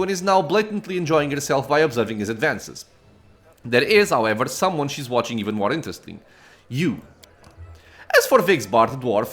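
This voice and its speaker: A man hosting a let's play, reading the game's story text aloud with casual asides and quick self-corrections. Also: a little high, fairly bright tone.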